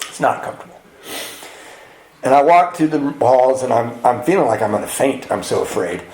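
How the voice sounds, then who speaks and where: A man's voice: medium pitch, lively intonation, moderate pace, darkish tone. A man speaking at a men's retreat, telling a candid personal recovery story and acting out the lines of the people in it. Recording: roomy echo in a retreat hall.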